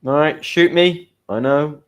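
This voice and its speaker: A man's voice: a little high, a little slow, smooth. Chatty British man teaching English. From Great Britain. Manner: chatty, greets viewers and reads their comments aloud. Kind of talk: live-stream English lesson.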